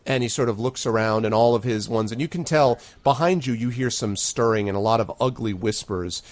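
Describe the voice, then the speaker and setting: A man's voice: medium pitch, brisk, no room sound. A man running a tabletop game on a stream, narrating scenes with plenty of fillers and restarts. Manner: rambling, filler-heavy narration. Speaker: game master.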